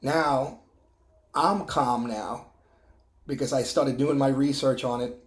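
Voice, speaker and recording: A middle-aged man sharing a personal testimony in an emotional, halting way, with many restarts and fillers. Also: mid-range voice, echoey room. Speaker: testimony vlogger.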